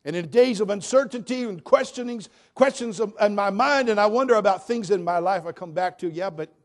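Older preacher with fiery, rising build-ups. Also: male voice, brisk. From California. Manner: swings from loud emphatic build-ups to soft, low asides. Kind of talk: sermon.

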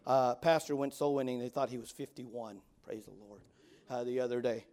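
A man in his forties preaching as a youth pastor, swinging between loud exhortation and quiet asides, often stammering and repeating words. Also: a little high, normal speed, clean tone. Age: 40s. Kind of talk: sermon.

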